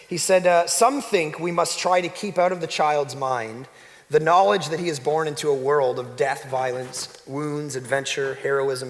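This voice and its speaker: A man preaching a sermon as a pastor, animated, swinging between loud exclamations and hushed emphasis. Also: fairly high pitch, long reverb tail. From Canada. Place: church sanctuary.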